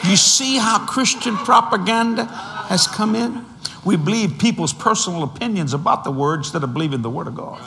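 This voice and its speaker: A man in his sixties preaching a sermon, animated and storytelling, with sudden shouts and slow, drawn-out emphasis on key phrases. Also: high-pitched, in a large hall, crowd noise. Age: 60s.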